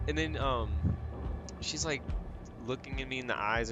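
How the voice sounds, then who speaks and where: A man's voice: mid-range voice, fairly quick. Rambling young man saying "bro", noisy mic. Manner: animated, acts out quotes, says "bro" and "like" constantly. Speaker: gamer telling a work story. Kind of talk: casual storytelling over gameplay. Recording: loud background noise.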